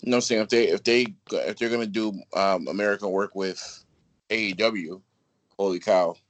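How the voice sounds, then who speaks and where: A man's voice: on the low side, moderate pace. A man co-hosting a casual podcast, chiming in with short, laid-back remarks. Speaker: podcast co-host.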